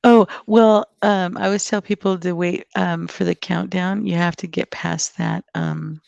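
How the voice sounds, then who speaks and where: A woman's voice: lowish voice, fairly even intonation, a little slow, creaky, a little mellow, no echo, lo-fi sound. A woman guest chatting casually on a live stream, giggly and rambling with many ums. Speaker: guest co-host.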